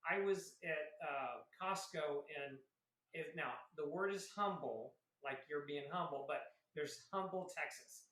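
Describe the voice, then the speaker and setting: A man's voice: fairly high pitch, a little slow, pushed and bright. Chatty man in his fifties, echoey room. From grew up in South Carolina. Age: 50s. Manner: chatty, laughs often, acts out quotes. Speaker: guest, Air Force veteran. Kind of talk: casual interview storytelling.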